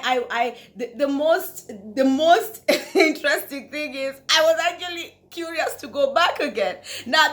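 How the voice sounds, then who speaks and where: A woman hosting a talk show, telling a story casually to her viewers in an animated way, often laughing. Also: sits high. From Kenya.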